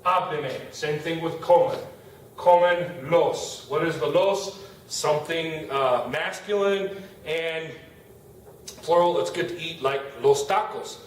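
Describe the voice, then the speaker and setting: A male Spanish teacher explains a grammar lesson in a fairly high voice. He patiently stretches out example words and says them again. He sounds far from the mic, in a very echoey room with a faint hiss. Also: unhurried.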